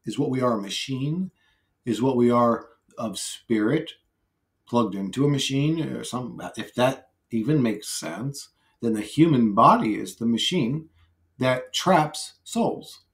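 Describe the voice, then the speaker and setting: A man's voice: medium pitch, expressive, measured pace. A man vlogging alone in a brash, rambling monologue, swearing freely and laughing often. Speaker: YouTuber. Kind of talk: rambling solo vlog monologue.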